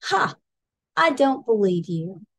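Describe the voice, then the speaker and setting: A woman reading aloud and voicing a gruff, bullying male banana slug who snarls and growls his threats. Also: a little high, sing-song, unhurried, a little mellow. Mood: menacing.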